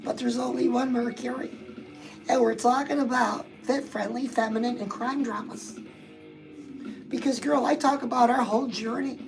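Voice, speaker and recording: A woman's voice: on the high side, steady tone, moderate pace, vocal fry, over music, poor audio. A woman hosting a casual motivational live stream, chatting straight to her viewers and reading out their comments.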